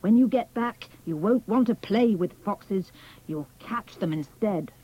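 A woman voicing a grim, gruff male hunter in a storybook reading, speaking sternly. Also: medium pitch, animated, a little slow, highs cut off, faint music behind, natural voice.

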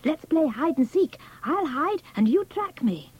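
A woman voicing a playful young male fox cub in a storybook reading, speaking eagerly and brightly. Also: high-pitched, sing-song, unhurried, lo-fi sound, voice pushed up.

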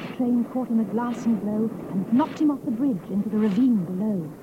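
A woman narrating a children's storybook in a measured, expressive reading. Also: on the high side, narrow, tinny audio, noisy background.

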